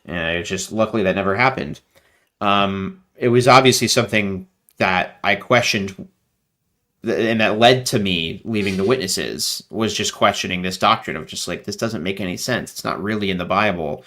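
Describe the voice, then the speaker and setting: A man talking as a guest in a casual interview over a video call, animated and rambling with lots of fillers. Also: fairly low pitch, normal speed.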